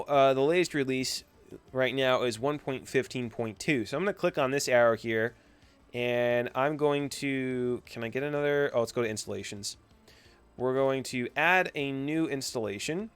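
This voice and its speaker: A man's voice: mid-range voice, smooth, no room sound. A young man giving a screen-recorded tutorial, narrating each click with chatty, playful asides. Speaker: coding instructor.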